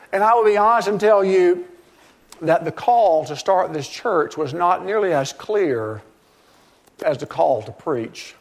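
A middle-aged man pastoring a church, preaching a sermon in an earnest storytelling way, often acting out what others said to him. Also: fairly high pitch. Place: church sanctuary.

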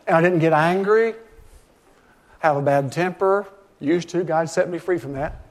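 A man's voice: fairly high pitch, normal speed, long pauses, slight background noise. A middle-aged man pastoring a church, preaching a sermon in an earnest storytelling way, often acting out what others said to him. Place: church sanctuary.

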